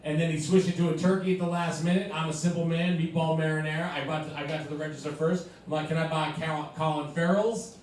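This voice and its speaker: A man doing improvised stand-up, telling crude, brash stories in a deadpan bragging way. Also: a little high, fast, recorded from a distance, a little hiss or hum. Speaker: stand-up comic guest. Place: comedy club with a live crowd. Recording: echoey room, off-mic.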